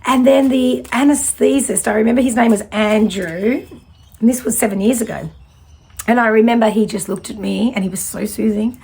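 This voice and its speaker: A woman's voice: on the high side, a little fast, vocal fry, a little mellow, breathy edge. A woman, giving a casual tarot reading in a fiery, direct way. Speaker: tarot reader.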